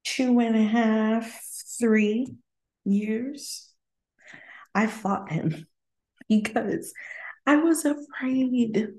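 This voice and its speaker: A woman with a fairly high, steady, dark-toned voice hosts her own podcast from her apartment, speaking very slowly and pausing often. In a casual monologue she reflects candidly on her personal faith journey, breaking into laughter between thoughts. The home room gives the recording a roomy echo.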